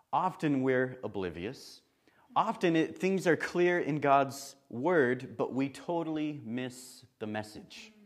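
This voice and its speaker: Male preacher in a church, chatty and lively, laughs at his own asides, mid-pitched voice. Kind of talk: sermon.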